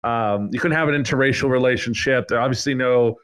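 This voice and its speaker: A man's voice: medium pitch, brisk, a bit bright, clean tone. A young man co-hosting a podcast in casual chat, rambling with lots of filler words. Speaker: podcast co-host.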